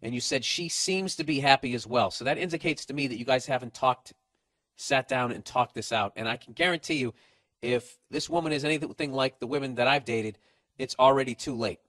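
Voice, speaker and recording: A man rants casually through blunt, profane advice, talking at a mid pitch. His voice is dry and close to the mic, with no room sound. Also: a little fast, fairly bright tone, no echo. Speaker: podcast host giving advice. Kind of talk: casual podcast monologue, reading listener letters.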